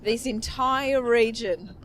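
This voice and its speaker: A woman tells a story with a wry, deadpan edge, her voice pitched high. She talks casually in a chat among friends. A faint vehicle rumble sits behind her. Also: takes it slowly. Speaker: comedian guest. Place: inside a car on a road trip.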